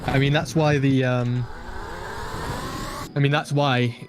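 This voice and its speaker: A man's voice: mid-range voice, little pitch movement, slow, over music. Chatty man commentating a speedrun. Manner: chatty, joking, explains game tricks. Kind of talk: live gameplay commentary.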